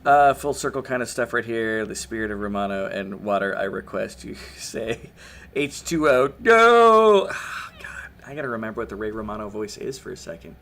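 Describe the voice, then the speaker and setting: Brisk and creaky, this fairly low-pitched man has a strained voice as he livestreams commentary on a game. He scolds the little colonists on screen and swears at them.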